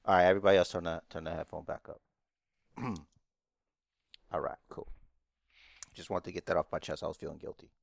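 Gravelly, low-voiced man joking around. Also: steady tone, brisk, long pauses, dry recording, clean studio sound. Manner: joking, teasing, mock-serious asides. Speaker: podcast co-host. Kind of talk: casual chat.

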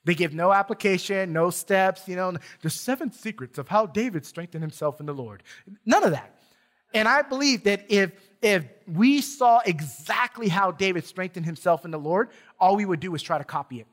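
A man's voice: sits high, lively intonation, normal speed, a bit bright. A man preaching a sermon in a church, conversational and joking, often restarting his phrases. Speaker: pastor.

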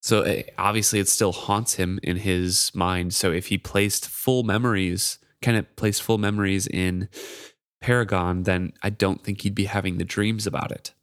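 A man co-hosting a book podcast, reading passages and explaining them in a relaxed manner. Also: low voice, normal speed, clear, resonant tone, no room sound, clean studio sound. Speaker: podcast co-host and reader.

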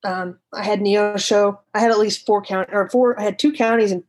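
Woman recounting a painful night, halting. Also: mid-range voice, steady tone, darkish tone, rough recording. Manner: halting, emotional, with restarts and swearing; retells conversations in quoted speech. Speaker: guest telling a personal story. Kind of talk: unscripted personal account.

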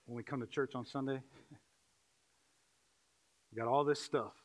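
A man pastor preaching a sermon, shifting from quiet, slow reflection to loud, pleading intensity. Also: steady tone, rough recording. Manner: swings from quiet and slow to loud, high-pitched impassioned pleading.

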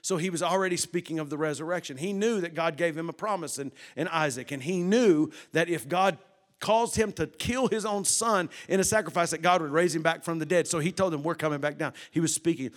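A man preaching a sermon, moving from hushed tones to loud emphasis and asking the congregation questions. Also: fairly high pitch, brisk.

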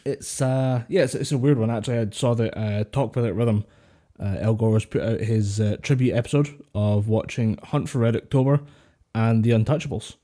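A man's voice: mid-range voice, steady tone, normal speed, dark tone. A man co-hosting a podcast over a voice call, rambling, laughing often and swearing casually. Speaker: podcast co-host. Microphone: voice call headset or desk mic.

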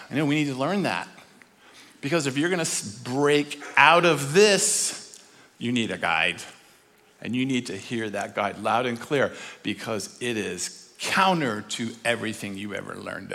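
A man's voice: sits high, pushed and bright, in a large hall. A man preaching a sermon in a church, emphatic and repetitive, asking the congregation rhetorical questions. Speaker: guest preacher.

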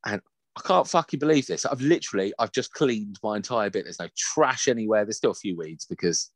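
A man telling a sweary, animated story in casual chat. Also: fairly low pitch, fairly quick, no room sound, studio quality. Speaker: podcast co-host.

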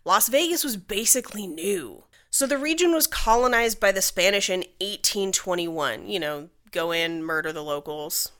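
Woman podcast host, casual history storytelling, wry asides, bright voice. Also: mid-range voice, animated, normal speed, few pauses. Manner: chatty, laughs often, wry asides.

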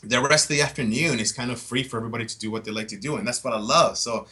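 A man's voice: medium pitch, racing, sharp tone. A man talking about his tours in a casual podcast chat, enthusiastic and chatty, often checking in with "right?". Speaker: tour company guest.

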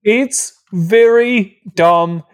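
A man co-hosting a podcast, mocking a movie in casual, animated chat. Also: sits high, extremely slow, clean tone. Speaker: podcast co-host.

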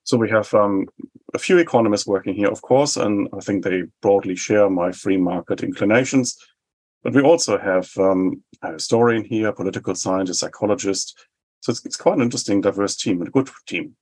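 A man in his forties speaks with a New Zealand accent, in a husky voice that sits a little low. He answers interview questions in a measured, explanatory way, laying out his points one after another. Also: darkish tone. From Germany. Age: 40s. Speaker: think tank head.

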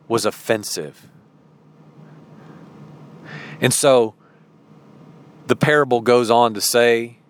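Slow, deliberate male preacher. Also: mid-range voice, clean tone, no room sound. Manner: slow, dramatic storytelling with acted dialogue. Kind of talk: sermon.

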